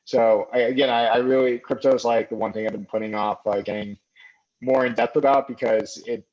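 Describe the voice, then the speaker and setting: A man's voice: medium pitch, fairly even intonation, a little fast, a little mellow. A man speaking as a podcast guest in casual conversation, hesitant, with many fillers and restarts, heard over a remote call. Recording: muffled remote audio.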